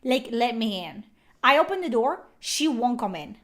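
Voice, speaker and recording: A young woman chatting casually on a livestream, animated and swearing often, with lots of "like" fillers. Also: a little high, normal speed. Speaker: streamer.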